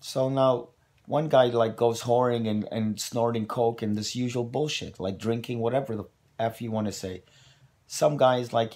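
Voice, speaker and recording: A man's voice: mid-range voice, moderate pace. A man hosting his own online show, ranting casually and profanely late at night, tired and running on coffee. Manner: profane, rambling, animated.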